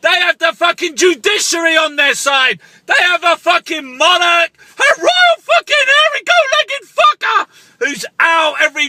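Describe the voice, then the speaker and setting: A man in a furious political rant, his voice very high and piercingly bright. He shouts and swears constantly and keeps breaking off mid-sentence to start over. The sound is close and completely dry. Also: no echo. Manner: shouting, swearing heavily, stumbling restarts.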